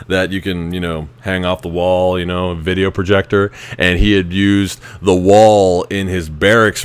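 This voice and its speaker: A Navy veteran in his thirties tells casual anecdotes about his service, rambling and chuckling with many restarts. His voice is low-pitched with a clean tone, and the recording is dry.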